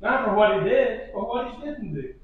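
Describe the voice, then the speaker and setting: Man, high voice, sermon lesson, repetitive storytelling, echoey church hall. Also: animated, normal speed, narrow, tinny audio. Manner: storytelling with repeated phrases and chuckles. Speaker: preacher.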